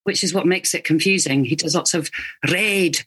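A woman, a voice coach, explaining accents in a clear, instructive way. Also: deep voice, fast.

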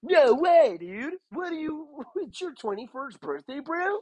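A man doing the voice of a loud, excited young male waiter who talks like a laid-back bro. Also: extremely high pitch, voice pushed up, exaggerated voice. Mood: hyped. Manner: shouty, excited, drawn-out bro talk.

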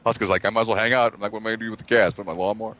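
A man's voice: fairly low pitch, fairly even intonation, very fast, fairly bright tone. A man casually telling a funny story to friends, swearing a lot and acting out what people said. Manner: profane, laughing, acts out quotes. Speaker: podcast co-host.

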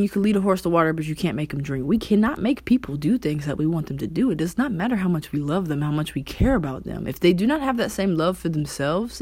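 A woman with a low, deep voice talks loosely and casually about spiritual energy straight to the camera. She is conversational and swears now and then. The sound is dry and close, with no room around it. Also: a little mellow, dry recording. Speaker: vlogger.

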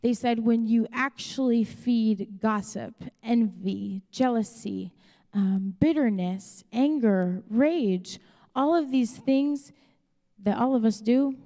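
A young woman pastor with a Chicago accent delivers a sermon in a frank, conversational way, slipping into acted-out asides. Her voice sits a little high. The sound rings out with the long reverb of a large church hall. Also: slow, warm tone. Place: church auditorium.

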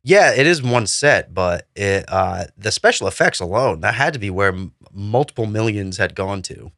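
A man in casual movie talk, animated and acting out scenes in put-on voices. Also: fairly low pitch, normal speed, creaky.

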